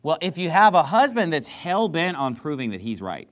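A male pastor preaching a sermon to his congregation, asking rhetorical questions and dropping his voice softly to act out apologies. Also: sing-song, normal speed. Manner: drops to a soft low voice to act out apologies.

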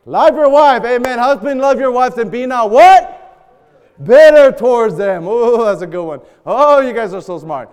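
A man preaching a sermon, bantering loudly with the congregation in call and response. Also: very high voice, expressive, measured pace, smooth, lo-fi sound. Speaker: pastor. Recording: long hall reverb.

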